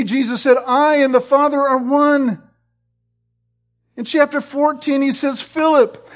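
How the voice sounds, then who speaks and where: A man preaching a sermon. He quotes scripture by chapter and verse and stresses key phrases by repeating them. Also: very high-pitched.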